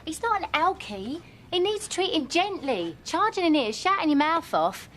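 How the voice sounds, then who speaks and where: A woman's voice: very high voice, very animated, normal speed, fairly bright tone, a little hiss or hum, full character voice. An actress playing a reproachful wife scolding her husband.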